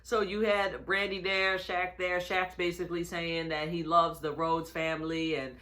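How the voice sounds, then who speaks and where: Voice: medium pitch, flat delivery, normal speed, bright, forceful tone. A reviewer giving a casual recap of a wrestling episode, rambling with lots of fillers and restarts, and chuckling often.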